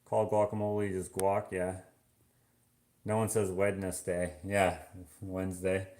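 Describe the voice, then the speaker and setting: A man's voice: low voice, little pitch movement, a little slow, darkish tone. A man with a Canadian accent chatting casually at home while washing dishes, musing aloud and wandering between thoughts with lots of fillers. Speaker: vlogger. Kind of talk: casual rambling chat.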